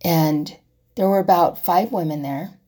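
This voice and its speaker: Soft-spoken, husky woman musing aloud. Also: fairly low pitch, measured pace. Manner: asks herself rhetorical questions, drops to soft whispers. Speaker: vlogger. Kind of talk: reflective personal talk.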